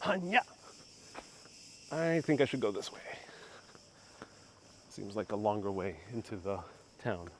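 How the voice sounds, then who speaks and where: Recorded on a gimbal-mounted phone with a clip-on mic, a Spanish-speaking travel vlogger walks old town streets on a live tour, reading out viewer comments and casually self-correcting. His voice is lowish, a little mellow and expressive, a bit slow with frequent pauses, and there's slight background noise.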